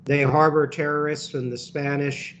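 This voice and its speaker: A man's voice: a little high, little pitch movement, normal speed, fairly bright tone, lo-fi sound, slight background noise. A man interviewing a guest on politics, laying out points in earnest and packed with names and facts, sometimes restarting a phrase. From United States.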